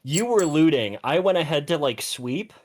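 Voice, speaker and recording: A man in a casual gaming chat who swears freely and chimes in quickly. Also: fairly high pitch, lively intonation, a little mellow.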